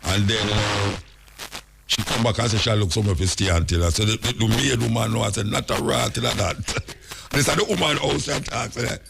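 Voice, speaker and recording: A man's voice: fairly low pitch, a little fast, creaky, noisy background. A Jamaican man hosting casual talk radio, rambling through anecdotes in patois and chuckling often. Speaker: radio talk show host.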